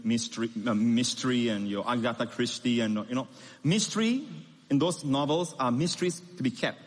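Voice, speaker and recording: A man's voice: medium pitch, big-room sound. A male pastor preaching a sermon, emphatic, leaning hard on stressed words and swinging his voice up and down.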